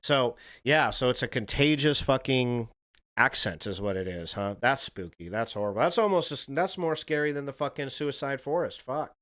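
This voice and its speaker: A man's voice: medium pitch, animated, normal speed, fairly bright tone. Rambling, profane male livestream host. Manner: rambling, profane, chats with viewers. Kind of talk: casual livestream reaction chat.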